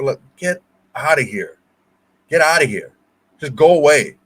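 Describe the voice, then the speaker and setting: A man's voice: medium pitch, animated, a little slow, pauses often, fairly bright tone, slightly rough. A man co-hosting a sports podcast, blunt and dismissive, often repeating his phrases. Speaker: podcast co-host. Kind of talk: casual sports podcast chat.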